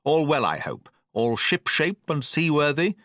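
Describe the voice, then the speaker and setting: A man reading the lines of a brisk, haughty gentleman squire who commands and takes offence easily, in an audiobook. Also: a little high, big pitch swings, dry recording, clean studio sound, pitched above the performer's own voice, heavily acted.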